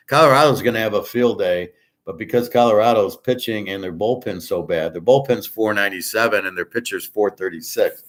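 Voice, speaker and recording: A man giving sports betting picks in a loose, rambling way, reading off stats with many fillers. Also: fairly low pitch. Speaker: sports handicapper. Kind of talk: casual betting picks talk.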